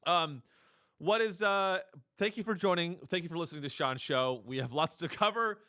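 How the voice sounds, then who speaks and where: A man's voice: on the high side, normal speed, pushed and bright, smooth. A man hosting a comedy podcast, delivering a rambling, sarcastic, mock-earnest monologue. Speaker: podcast host.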